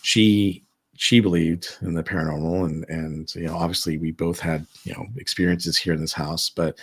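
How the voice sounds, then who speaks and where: Low husky man telling ghost stories. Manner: rambling, many fillers and restarts. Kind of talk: casual storytelling chat. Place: his own home, seated at dining table.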